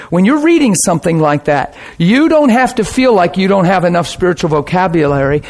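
Male pastor, high voice, animated sermon storytelling with sound effects. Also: fairly quick, hardly any pauses. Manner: preacherly, asks listeners questions.

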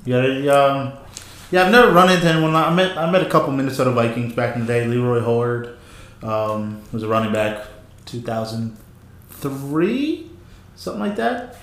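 A man's voice: mid-range voice, lively intonation, normal speed, fairly bright tone. A man co-hosting a podcast, chatting about sports in an easygoing way. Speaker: podcast co-host. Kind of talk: casual chat. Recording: echoey room.

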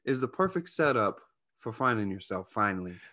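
A man hosting a casual podcast, giving brief affirmations and loud playful interjections. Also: fairly low pitch, sing-song, brisk. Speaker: host.

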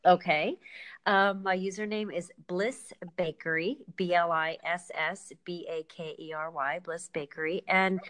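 A woman's voice: fairly low pitch, steady tone, a little slow, fairly bright tone. A middle-aged American woman with a slight Irish tinge, a chef guest on a remote call, bubbly and quirky, laughing a lot. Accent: slight Irish tinge over American. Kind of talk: casual interview over a call.

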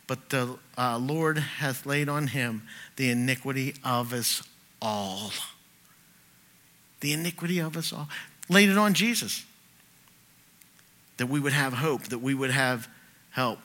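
Bright-voiced man preaching with stories. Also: medium pitch, slow pace, long pauses. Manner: animated storyteller, swings from loud bursts to quiet asides. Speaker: pastor. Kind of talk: sermon with personal anecdotes.

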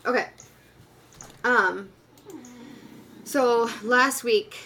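A woman's voice: on the high side, extremely slow, bright, forceful tone, a little hiss or hum. A woman co-hosting a gaming podcast in casual chat, rambling and correcting herself as she goes, laughing easily. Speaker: podcast co-host.

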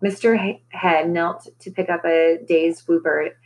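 A woman reading a chapter of a children's novel aloud, giving the story an expressive, dramatic telling. Her voice sits somewhat low. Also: unhurried, rough recording. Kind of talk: read-aloud storybook narration.

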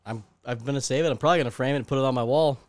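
A man's voice: medium pitch, rapid-fire, a little mellow. A man co-hosting a casual podcast, teasing and making shock jokes. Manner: teasing, shock-joke banter. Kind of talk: crude casual chat.

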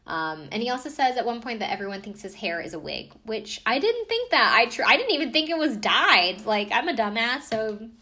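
A woman's voice: fairly high pitch, very animated, a little fast, hardly any pauses, sharp tone. A woman casually recapping a reality TV episode, chatty and profane, with lots of fillers and asides. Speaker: podcast recapper.

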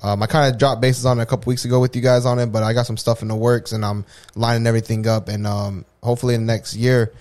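A man on a podcast, speaking in a flat, matter-of-fact way in casual chat. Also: mid-range voice, fast talker, few pauses.

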